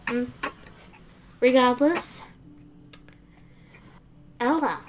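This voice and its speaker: A woman with a high voice runs the game as dungeon master. She describes the scene in an easygoing way over a voice call with a faint hiss. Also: very slow. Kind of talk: narrating a tabletop game.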